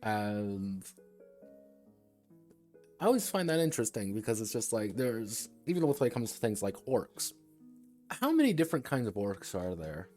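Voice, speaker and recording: A man with a fairly low voice talks through game design ideas on a casual livestream. He rambles and digresses, thinking aloud as he goes. Faint music plays softly behind him. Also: sing-song, normal speed, pauses often. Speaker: tabletop game designer and streamer.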